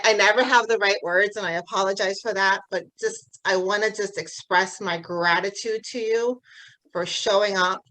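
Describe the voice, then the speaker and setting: A woman co-host speaking over a video call in a heartfelt, emotional way. Her voice is bright and clear, at a middle pitch for a woman. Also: low-quality recording.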